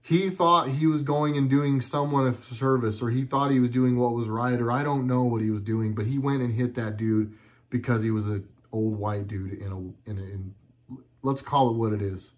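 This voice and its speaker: A middle-aged video blogger talks at home in a casual, earnest monologue that rambles, often stopping and restarting his sentences. His mid-range voice stays steady at a normal speed.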